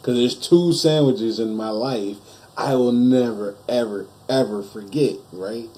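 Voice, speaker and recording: A man's voice: medium pitch, unhurried, dark tone. A man hosting a reaction video, talking casually with slang and a laid-back manner.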